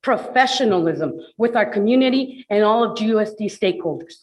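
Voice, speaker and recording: A woman giving a public comment at a school board meeting, earnest and emphatic, slowing down to stress key words at a podium microphone. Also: mid-range voice, expressive, poor audio.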